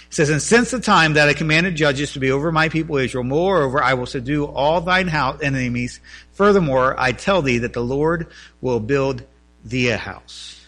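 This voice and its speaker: Guy preaching a sermon, high pitched and bright, gets worked up. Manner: animated preaching, voices biblical figures in quotes. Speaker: pastor.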